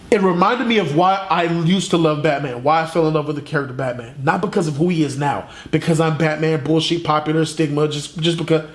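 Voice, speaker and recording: A man retelling a comic plot in a casual, animated, profane way, as a reviewer. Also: a little high. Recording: roomy echo.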